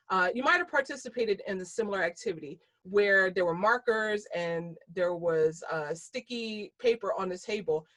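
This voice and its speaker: A woman's voice: mid-range voice, a bit bright. Chatty woman giving an online keynote. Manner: conversational, many fillers and restarts. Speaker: keynote speaker.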